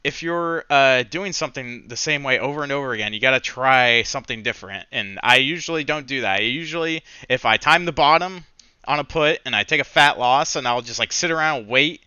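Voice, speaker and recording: A man talks through his losing trades in a candid, rambling way, swearing freely and criticizing himself. His voice is very bright and clear. The sound is dry and a little dull, with no room echo. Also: mid-range voice, fairly quick. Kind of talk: casual screen-share trading recap.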